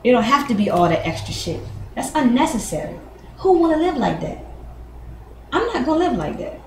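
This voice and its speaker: A woman's voice: high-pitched, big pitch swings, brisk. A woman speaks, giving her niece frank advice. She is blunt and swears freely, acting out both sides of arguments. Her voice rings in an echoey room over a faint background hum. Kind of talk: casual advice talk.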